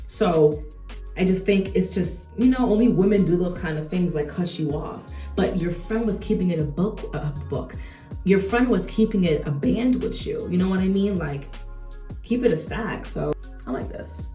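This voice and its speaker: A woman's voice: lowish voice, moderate pace, reverberant, far from the mic, soft background music. A young adult woman talking casually while she does her makeup, chatty and slangy with lots of rhetorical asides. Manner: slangy and animated. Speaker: beauty vlogger.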